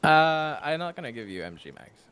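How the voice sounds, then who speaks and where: A man's voice: on the high side, a little fast, clean tone. A man chatting casually over voice chat while leading his squad in a multiplayer game. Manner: relaxed, giving orders with laughter.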